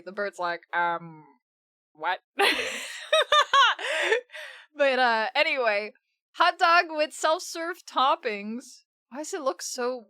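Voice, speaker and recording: A woman's voice: on the high side, fairly bright tone, no room sound, studio quality. A woman streamer reacting in casual live-stream commentary, swearing a lot and breaking into laughter.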